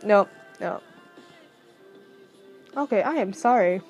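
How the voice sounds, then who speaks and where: A woman's voice: mid-range voice, animated, slow pace, a little mellow, soft background music, rough recording. A woman reading her fan fiction story aloud with a stuffy nose from crying, stumbling over words and correcting herself as she goes. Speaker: amateur story reader.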